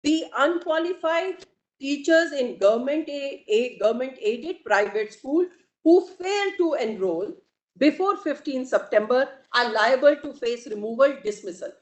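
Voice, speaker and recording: A woman advocate with an Indian accent, making a formal, deliberate courtroom argument and addressing the bench again and again. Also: high-pitched, lively intonation. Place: courtroom hearing. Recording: echoey courtroom audio.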